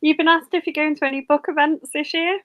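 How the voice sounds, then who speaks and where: Higher-pitched woman interviewer. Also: fairly even intonation, quick pace, fairly bright tone, dry recording. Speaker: interviewer, book club host. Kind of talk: casual video-call interview.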